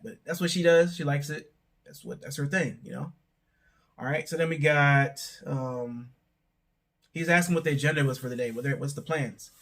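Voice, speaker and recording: A man's voice: mid-range voice, fairly bright tone. A young man hosting his channel, giving a rambling, casual recap of a reality show and often hedging with "I don't know". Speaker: show reviewer, channel host.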